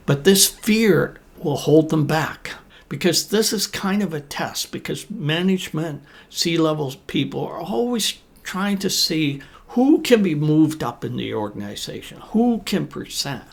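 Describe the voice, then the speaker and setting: Guy coaching business english to camera, gravelly, a bit high, chatty and encouraging. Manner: encouraging, conversational, uses deliberate pauses. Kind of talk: talking-to-camera coaching talk. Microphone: talking to camera.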